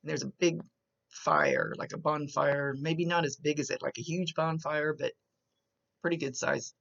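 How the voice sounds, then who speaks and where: A woman psychic medium talks a client through a reading and relays images as they come to her, with many small restarts. Her voice has a gravelly edge. The recording is dull and lo-fi. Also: low-pitched, expressive, normal speed, a bit bright. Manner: chatty, describing visions as they come with restarts.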